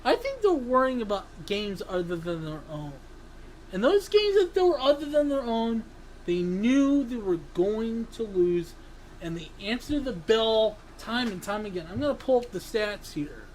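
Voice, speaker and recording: Swearing, yelling sports ranter. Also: mid-range voice, sing-song, a little slow, slight background noise, poor audio. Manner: ranting, swearing, bursts into yelling; self-interrupting, apologizes for yelling. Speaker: sports vlogger. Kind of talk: angry sports rant.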